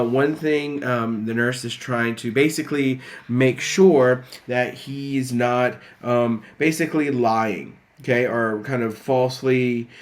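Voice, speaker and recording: A male teacher walking students through a text in a recorded video lesson, talking casually with many fillers. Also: mid-range voice. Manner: casual, many fillers, reads quotes aloud.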